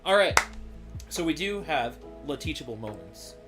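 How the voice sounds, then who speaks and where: A man's voice: fairly high pitch, sing-song, normal speed, over loud music. A man hosting a podcast, joking around and asking rambling questions in a casual chat. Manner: playful, jokey, rambling questions. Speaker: host.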